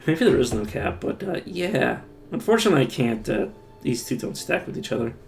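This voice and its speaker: A man's voice: medium pitch, sing-song, brisk, vocal fry, slight background noise. A man streaming a game live, thinking aloud in a rambling, self-mocking way. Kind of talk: casual live-stream gameplay commentary.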